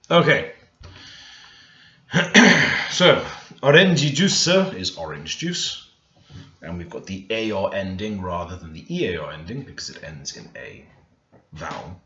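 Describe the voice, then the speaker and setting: A man talking through a screen-recorded language lesson, unhurried and thinking aloud as he types. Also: on the low side, sharp tone. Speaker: language learner teaching Korean. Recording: roomy, dull lo-fi sound. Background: keyboard typing and clicks.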